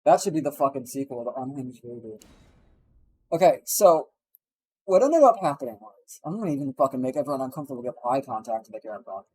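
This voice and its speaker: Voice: medium pitch, animated, fast talker, darkish tone, slightly rough, low-quality recording. A streamer telling a story in a casual live stream, swearing freely, rambling and acting out the people being quoted.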